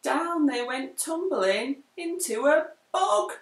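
A woman reading a rhyming picture book aloud, very expressive and deliberate. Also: sits high. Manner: slow, very expressive rhymed reading. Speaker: storyteller. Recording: echoey room, far from mic.

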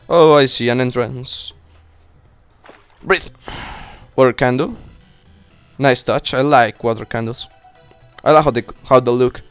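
A young man giving casual, excitable let's play commentary, swearing and talking to himself as he plays. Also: mid-range voice, smooth, no room sound. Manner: cursing, excitable, talks to himself. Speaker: gaming YouTuber.

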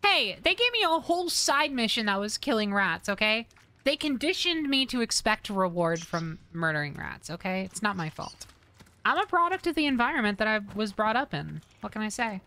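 A woman streamer giving loud, excitable game commentary, often shrieking and swearing. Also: medium pitch. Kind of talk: gaming commentary.

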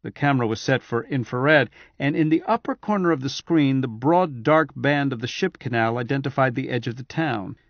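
A man reading a science fiction novel aloud in steady, measured scripted narration. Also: mid-range voice, dry recording, muffled recording. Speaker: audiobook narrator.

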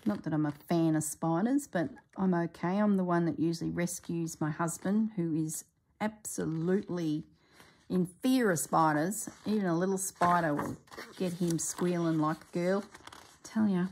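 A woman's voice: lowish voice, normal speed, darkish tone, slight background noise. A woman chatting casually as she reviews a craft book, exclaiming and thinking aloud, often trailing off mid-sentence.

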